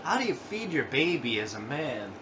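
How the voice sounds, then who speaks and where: A man's voice: mid-range voice, very animated, moderate pace. A man hosting a podcast in casual chat, asking eager questions and breaking into laughter. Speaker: podcast host. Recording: distant, echoey, muffled and noisy.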